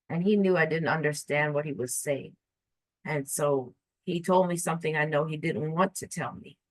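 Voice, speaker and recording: A woman telling a personal story in an earnest, halting way, often restarting and repeating her words. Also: sits low, no echo, low-quality recording.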